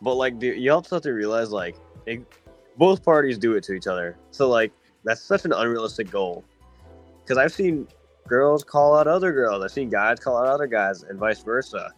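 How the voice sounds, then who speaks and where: A man co-hosts a casual podcast, dismissive and offhand. His voice is mid-pitched with faint music behind. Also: expressive, moderate pace. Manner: dismissive, says "dude". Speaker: podcast co-host.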